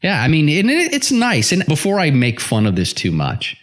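A man hosting a casual podcast who chats in an animated way, laughs often and restarts his sentences. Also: on the high side, moderate pace. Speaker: podcast host. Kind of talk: casual chat.

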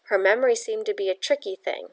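A woman reading a novel aloud in a steady, plain storytelling voice. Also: mid-range voice, fast talker. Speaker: audiobook reader.

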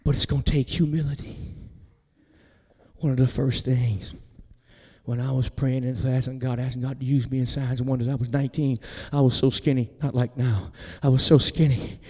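A male pastor delivering a sermon, telling stories with joking asides and building up to shouting. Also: medium pitch, flat delivery, moderate pace, husky, big-room sound. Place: church.

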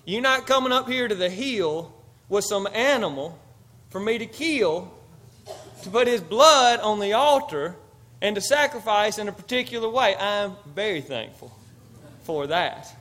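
Male pastor, high-pitched, conversational sermon delivery with big swings in volume. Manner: conversational, emphatic, swings from loud to quiet.

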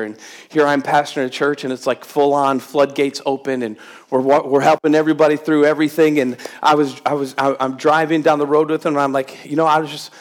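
A fairly high-voiced male pastor preaching. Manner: conversational preaching with humor, rising to emphatic. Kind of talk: sermon. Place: church sanctuary with congregation.

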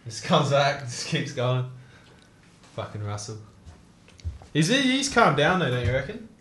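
A man's voice: mid-range voice, very animated, a little slow, fairly bright tone, echoey room. A young man telling stories in casual chat, laughing and swearing often. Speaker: co-host.

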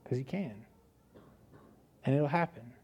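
A male preacher telling a story from the pulpit in a loose, conversational way. He leans on filler words as he talks, and his voice sits in an ordinary middle pitch. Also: takes it slowly, darkish tone, breathy edge, lo-fi sound. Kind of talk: casual sermon testimony.

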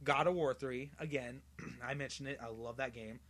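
A young man co-hosting a casual podcast about video games, excitable and laughing often as he tells stories. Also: medium pitch, normal speed. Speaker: podcast co-host.

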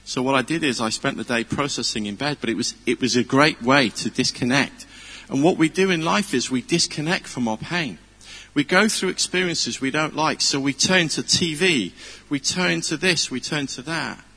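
Casting note: middle-aged preacher, gravelly and husky, bright edge, chatty and earnest. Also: male voice, medium pitch, normal speed. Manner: chatty, self-deprecating, earnest. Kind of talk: informal sermon with personal stories. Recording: long hall reverb.

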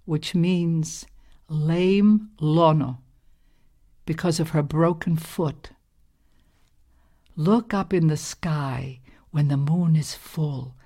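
A woman reads a storybook aloud in a calm, gentle, measured voice. Her voice sits low, and she takes an unhurried pace.

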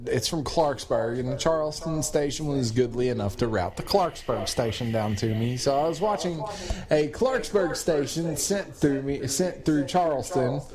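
A man telling a crude, joking story during a casual chat among friends. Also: mid-range voice. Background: friends chatting and laughing.

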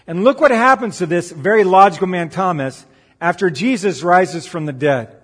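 A man's voice: sits high, moderate pace, husky. Man preaching in a reverberant hall. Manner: preaching with rising emphatic peaks and quiet asides. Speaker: pastor. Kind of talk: sermon.

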